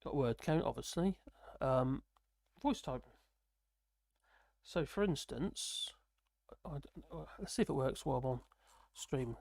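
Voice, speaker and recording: A man's voice: medium pitch, animated, a little slow, gravelly, long pauses, a little mellow, dry recording, clean studio sound. A man chatting casually on a live stream, rambling with lots of fillers and restarts, tired and slurring a little. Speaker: political commentary streamer.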